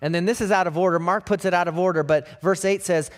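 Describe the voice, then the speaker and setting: A male pastor delivers a sermon in an emphatic preaching style, with a somewhat high-pitched voice. He drives his points home with rhetorical questions and short repeated phrases. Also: fairly even intonation, fast talker.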